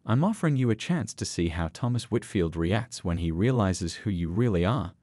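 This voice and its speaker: A man doing a composed male company chief in a storybook reading, measured and calm. The voice sits low and moves with lively rises and falls. It sounds dry and close. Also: no room sound.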